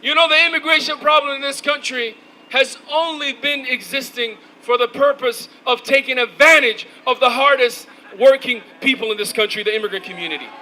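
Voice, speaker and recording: A man giving an impassioned, shouted rally speech outdoors, rousing the crowd with call-and-response. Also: very high voice, a little fast, a little hiss or hum, low-quality recording. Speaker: rally speaker.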